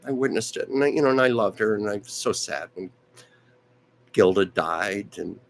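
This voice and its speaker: A man's voice: on the low side, animated, moderate pace, gravelly, slight background noise. A man hosting a live stream, telling a rambling story with many asides, his voice strained and fading in and out. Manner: rambling, anecdotal, with frequent asides and restarts. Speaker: host.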